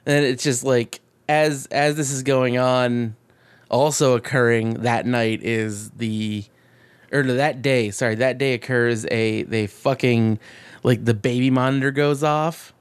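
A man co-hosting a casual chat, recapping a film with swearing, jokes and quick acted-out voices. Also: mid-range voice, fairly even intonation, smooth. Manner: profane, jokey, acts out quick voices mid-recap. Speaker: podcast co-host.

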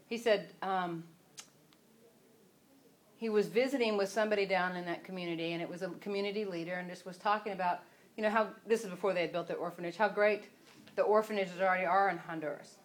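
A woman's voice: medium pitch, fairly even intonation, a little fast. A woman teaching from the Bible in a casual, rambling devotional style. She often breaks off and restarts her sentences. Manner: chatty, rambling, self-interrupting.

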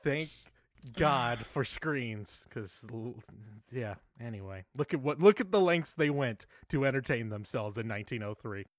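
A man's voice: mid-range voice, a little slow, no echo, studio quality. A man co-hosting a podcast, recapping a film in casual chat with irreverent, profane exaggeration. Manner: irreverent, swears freely, deadpan exaggeration. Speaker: podcast co-host.

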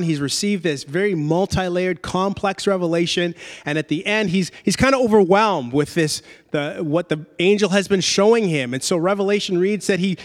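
Man preaching in a reverberant hall. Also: sits high. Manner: conversational, emphatic preaching. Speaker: pastor. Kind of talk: sermon.

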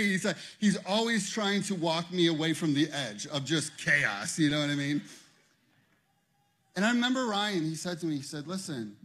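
Speaking at normal speed in a fairly high, animated voice, a male pastor preaches. His sermon opens with a conversational personal story before rising into loud, forceful preaching.

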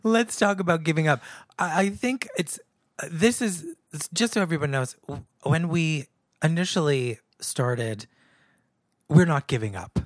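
Recorded dry, this man co-hosts a podcast, speaking in a fairly high voice. His casual chat is dry and sarcastic, with drawn-out repetitions.

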